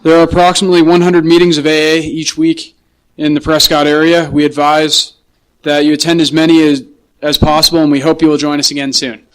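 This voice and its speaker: A man's voice: a little high, level tone, a little fast, a bit bright, clear, resonant tone, rough recording. A man chairing a recovery meeting, reading the closing announcements and stumbling over names.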